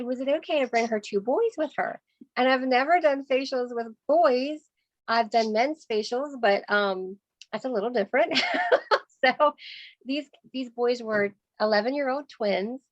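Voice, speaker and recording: A woman sales consultant, telling a lively story on a video call, acting out voices and laughing often. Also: on the high side, dry recording, lo-fi sound.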